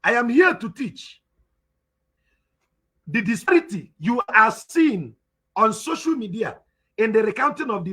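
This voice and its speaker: Igbo-accented Nigerian man, teacher type, very high forceful voice, hammers his points home. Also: slightly rough. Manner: emphatic, repeats points, asks rhetorical questions. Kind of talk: spoken lecture.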